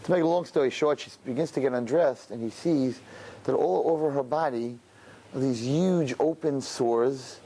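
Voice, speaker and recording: A man preaching a sermon, telling a story with passion and building up to shouting. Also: mid-range voice, normal speed, breathy edge.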